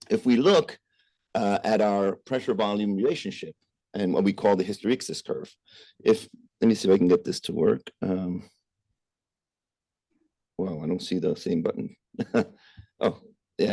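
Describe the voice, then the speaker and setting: A man's voice: deep voice, dark tone, no echo. A man giving a virtual medical lecture, explaining step by step with frequent "uh" and "right?" checks. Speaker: physician lecturer. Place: remote presentation over a call.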